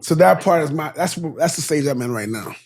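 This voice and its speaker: Husky animated man telling a story. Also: fairly high pitch, fairly quick. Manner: animated storyteller, mimics voices, laughs often. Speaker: podcast co-host. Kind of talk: casual chat.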